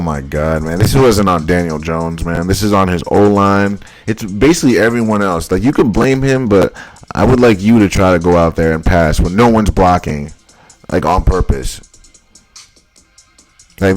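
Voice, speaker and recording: A man breaking down football highlights in casual commentary, blunt and exasperated, repeating his points. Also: no room sound. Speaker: football film analyst.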